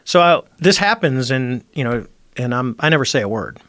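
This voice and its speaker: A man's voice: mid-range voice, moderate pace, no echo, clean studio sound. A middle-aged man, a former Navy squadron commander, telling a story as a podcast guest, acting out the quoted dialogue with energy. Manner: animated, acts out quoted dialogue. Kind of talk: conversational storytelling. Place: podcast studio.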